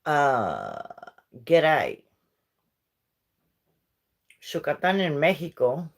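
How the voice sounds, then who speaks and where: A middle-aged woman hosts a relaxed livestream chat with viewers. She talks at an unhurried pace and wanders from story to story. She drifts easily between English and her Spanish. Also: deep voice. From Uruguay. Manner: rambling and chatty, switching between English and Spanish. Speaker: livestream host chatting with viewers. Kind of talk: casual live-stream chat.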